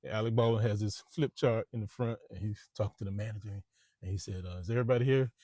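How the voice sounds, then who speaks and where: A man's voice: on the low side, fairly even intonation, quick pace, mellow, husky, dry recording. A man, a real estate agent, rambling casually in a vlog monologue from inside a parked car, repeating words as he goes.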